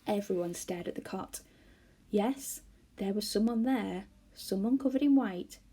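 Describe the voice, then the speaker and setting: A woman reading a children's novel aloud to schoolchildren, expressive and animated. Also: medium pitch, measured pace, a little hiss or hum. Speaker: storyteller for schoolchildren.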